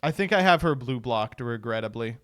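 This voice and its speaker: A man's voice: mid-range voice, lively intonation, a little fast, a bit bright, clean tone. A man hosting a stream, casually commenting on clips with a sarcastic tone, frequent laughter and free swearing. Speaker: streamer host.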